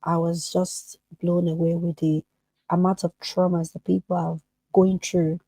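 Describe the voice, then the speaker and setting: A woman's voice: fairly low pitch, flat delivery, a little slow, dark tone, no room sound, rough recording. A woman therapist speaking as a podcast guest, earnest and emphatic. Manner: emphatic, acts out quoted voices.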